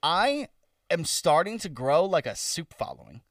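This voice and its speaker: A man's voice: a little high, very animated, measured pace, dry recording, clean studio sound, distant mic. A man co-hosting a podcast in casual chat, loose and swearing, often laughing. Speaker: podcast co-host.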